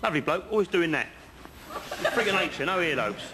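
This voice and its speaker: An actor plays a working-class house painter who rambles through pointless yarns in a comedy sketch set outdoors on a bridge. His voice is male, natural, expressive and slightly high, moving a little fast in a chatty, earnest storytelling manner with leading asides. Noise from outside fills the audio.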